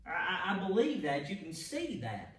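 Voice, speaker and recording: A man's voice: high-pitched, wildly swooping pitch, normal speed, a bit bright. A man preaching an evening sermon in an emphatic style, often repeating words and restarting phrases. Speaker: pastor. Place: church sanctuary. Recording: echoey church heard from a distance.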